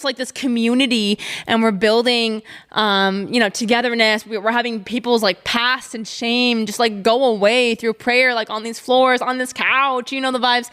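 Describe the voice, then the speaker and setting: A young woman hosts a solo podcast, chatting casually with lots of fillers and often trailing off with "blah, blah." Her voice is fairly high and a bit bright.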